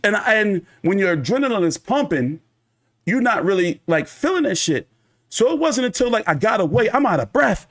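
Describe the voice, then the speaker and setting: A man's voice: high voice, vocal fry, fairly bright tone. A man hosting a boxing commentary show, telling a story in a casual, rambling, profane way.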